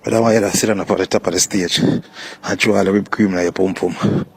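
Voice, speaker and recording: A man's voice: low voice, fairly even intonation, fairly quick, creaky, slightly rough. A man, bantering in a joking, suggestive way.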